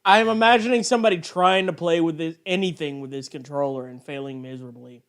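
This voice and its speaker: A man's voice: fairly high pitch, quick pace, fairly bright tone, clear, resonant tone. A man streaming a game with friends, cracking crude, sarcastic jokes in casual chat.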